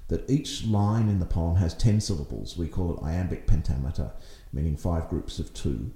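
A man hosting a podcast, explaining ideas in a reflective, unhurried way with some filler words. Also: low-pitched, lively intonation, warm tone, roomy sound. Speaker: podcast host. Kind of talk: casual discussion.

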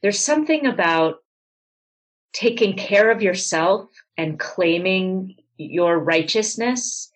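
A woman's voice: mid-range voice, expressive, takes it slowly, poor audio. A woman hosting a conversation, reflective in her own remarks and reacting to the story with gasps and murmurs. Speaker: host. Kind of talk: conversational interview.

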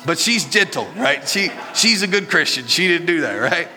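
A man in his thirties preaching a sermon as pastor, animated and joking, laughing at his own stories. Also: high-pitched, normal speed, creaky. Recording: reverberant hall with faint music.

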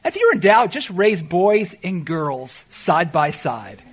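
A man preaching a sermon as pastor, animated, swinging between shouted exclamations and quiet asides. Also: high-pitched, takes it slowly, husky.

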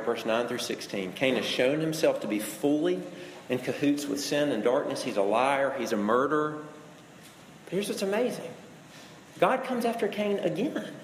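A pastor with a mid-range voice preaches a sermon earnestly, addressing listeners directly and shifting his emphasis. There's a little hiss or hum, and the echoey hall adds long reverb.

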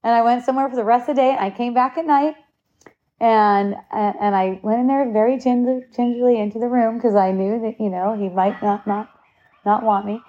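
Here a woman in her late forties recounts something from her own life over a casual chat, openly, with frequent laughter and plenty of swearing. She speaks briskly in a fairly high, warm voice with a steady tone, though the audio sounds dull.

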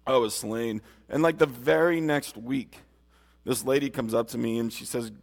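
Gravelly man preaching in a reverberant hall. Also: medium pitch, normal speed. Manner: earnest, emphatic, speaks straight to listeners. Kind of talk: sermon, personal testimony.

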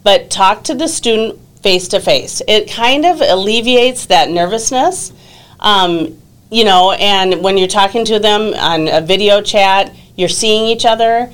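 A woman's voice: medium pitch, a little slow, fairly bright tone, clean tone. Woman on a podcast talking about her program, friendly and chatty. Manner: friendly, explanatory, with fillers. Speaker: exchange program coordinator. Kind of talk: casual interview talk.

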